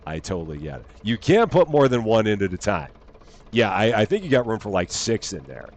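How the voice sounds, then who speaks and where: A man's voice: on the low side, very animated, brisk. A man giving chatty, playful live commentary while streaming a game, reading its on-screen text aloud and joking along the way. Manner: chatty, playful, jokey asides.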